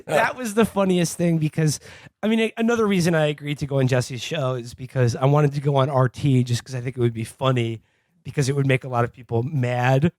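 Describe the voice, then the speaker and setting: A man's voice: medium pitch, steady tone, a little fast, darkish tone, no room sound. A man co-hosting a podcast in casual comedic chat, rambling with lots of fillers and laughing often. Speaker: podcast co-host.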